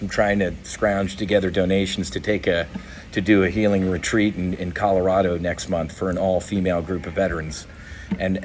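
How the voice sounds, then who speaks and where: A man's voice: deep voice, slight background noise. A middle-aged man giving an impassioned, profane political monologue as a podcast host, blunt and frustrated, often restarting his sentences. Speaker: podcast host and veteran advocate.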